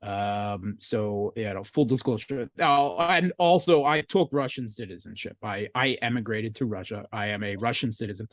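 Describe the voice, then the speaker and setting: Halting man on a dry call. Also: on the low side, dry recording. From United States. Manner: halting, many fillers and restarts, sardonic. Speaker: podcast guest, analyst. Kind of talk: casual interview talk. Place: home.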